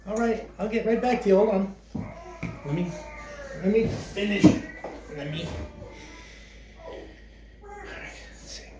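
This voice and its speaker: Playful sing-song dad, echoey room. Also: male voice, sits high, sing-song, slow, long pauses, heavy background noise. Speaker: father feeding his twin babies. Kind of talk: casual home vlog narration. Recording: echoey room with clear crowd chatter.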